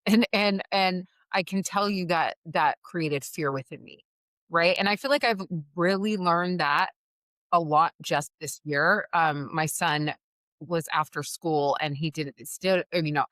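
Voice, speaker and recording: A woman hosting a podcast, telling a candid story about raising her son in an earnest, animated way, full of likes and you-knows. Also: sits low, no room sound, studio quality. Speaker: podcast host.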